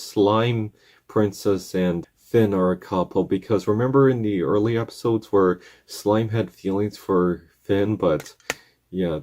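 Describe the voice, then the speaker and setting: A man's voice: on the low side, dark tone. A man casually recapping a cartoon episode, rambling and acting out characters' lines.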